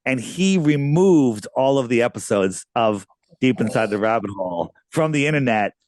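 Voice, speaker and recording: A man's voice: medium pitch, expressive, moderate pace, darkish tone, dry recording. A man who is a radio guest, telling stories in a casual, rambling way with many restarts. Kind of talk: casual interview storytelling.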